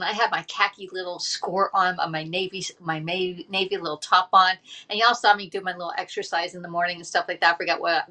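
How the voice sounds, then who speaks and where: Bright-voiced chatty woman. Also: fairly low pitch. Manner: chatty, rambling storytelling with many fillers. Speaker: livestream host. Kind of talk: casual livestream chat. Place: at home.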